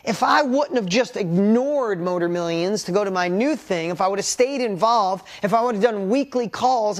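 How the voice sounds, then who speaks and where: A man's voice: high voice, normal speed, hardly any pauses. Emotional, candid male motivational speaker. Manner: candid storytelling with rising emotion and emphatic lessons. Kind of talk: motivational talk to an audience.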